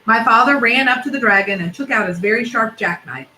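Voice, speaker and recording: A woman reading a storybook aloud, her narration steady and expressive, with asides about the pictures. Her voice is bright and sharp, with a faint ambient noise behind it. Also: mid-range voice, a little fast, few pauses, rough recording.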